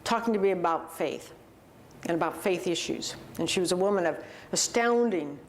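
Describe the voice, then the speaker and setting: A woman, a university president, telling personal stories to an audience in a vivid, animated way and acting out the people she quotes. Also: lowish voice, normal speed, a little hiss or hum. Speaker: university president giving a talk. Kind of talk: personal storytelling talk to an audience.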